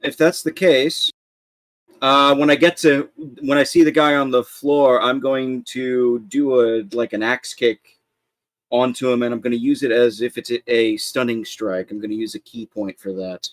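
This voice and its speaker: A man's voice: medium pitch, steady tone, normal speed, dry recording. A man playing in a tabletop game, declaring his moves hesitantly and checking the rules aloud. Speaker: player. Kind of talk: casual tabletop game play.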